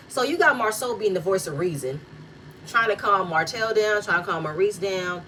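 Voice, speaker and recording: A woman's voice: mid-range voice, lively intonation, moderate pace, pushed and bright. A woman, recapping a reality show in blunt, profane, heated commentary. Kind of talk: casual reaction commentary. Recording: distant mic with faint noise.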